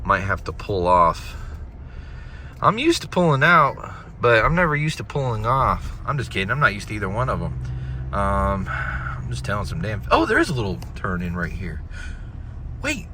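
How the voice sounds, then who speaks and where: A man's voice: on the low side, sing-song, moderate pace, sharp tone, a little hiss or hum. A man from Florida with a Southern country accent, chatting casually and swearing on a vlog recorded on a handheld phone. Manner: rambling, jokey, swears a lot. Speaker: paranormal vlogger. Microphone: phone camera held by a companion.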